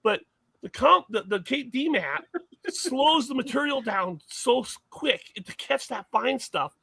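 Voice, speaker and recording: Bright high-pitched man rambling through stories. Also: expressive, unhurried, vocal fry, slightly rough, no room sound. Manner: rambling, self-mocking storyteller with many restarts. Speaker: guest, mining equipment maker. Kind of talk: casual podcast chat.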